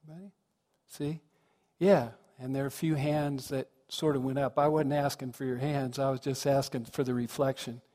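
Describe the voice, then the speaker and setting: A man's voice: medium pitch, fairly even intonation, normal speed, warm tone. Reflective man preaching in a reverberant hall. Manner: reflective, conversational, asks the congregation questions. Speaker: minister. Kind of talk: sermon. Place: congregation hall.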